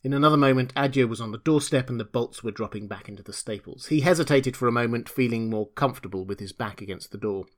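Man narrating a classic novel. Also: medium pitch. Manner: measured, dramatic storytelling.

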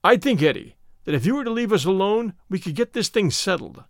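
Guy doing a tough young hero in a storybook reading, firm and steady, lively delivery. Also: high-pitched, a little fast, no room sound, clean studio sound. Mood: defiant. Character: bold defiant young man, bitter and protective.

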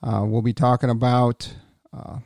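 A man's voice: medium pitch, flat delivery, a little slow, a little mellow, no room sound, clean studio sound. A man hosting a casual podcast chat, rambling a little with restarts and fillers. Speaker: podcast host.

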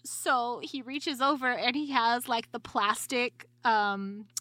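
Bright-voiced profane woman storyteller. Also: on the high side, slow pace, dry recording. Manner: blunt, profane, laughs through her story. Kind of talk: casual storytelling chat.

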